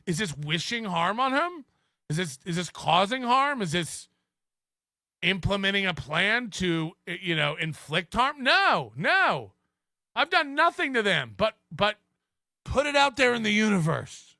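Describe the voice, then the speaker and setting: Male podcast host, high bright voice, sarcastic ranting commentary, laughs at himself. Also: no echo, clean studio sound. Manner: mocking, sarcastic, laughs at own remarks.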